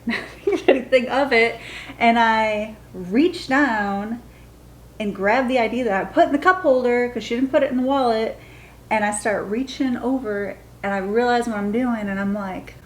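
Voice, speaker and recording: A woman's voice: fairly high pitch, a little slow. A woman in her thirties from the United States, telling a story in a casual, chatty way and acting out the quotes. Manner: chatty, animated, acts out the quotes. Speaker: storytime vlogger.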